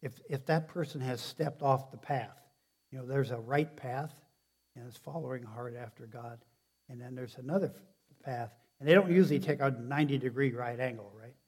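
A pastor preaches in a halting, conversational manner, frequently restarting sentences and posing questions to the congregation. His voice is medium-pitched, slightly mellow, and husky.

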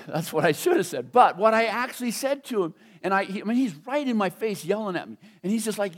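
A middle-aged pastor with a notably high voice delivers a folksy, storytelling sermon. He chuckles between lines and slows right down to hammer home each point. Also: animated. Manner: conversational storytelling preacher, chuckles often, slows down to stress points.

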